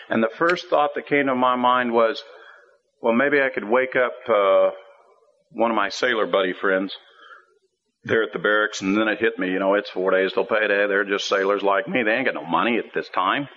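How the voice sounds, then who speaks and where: A low-voiced man delivers a storytelling sermon in a relaxed, folksy style. He drops into quiet asides, then climbs into emphatic, high exhortations. The sound is dull and lo-fi, like an old radio broadcast. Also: moderate pace. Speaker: preacher.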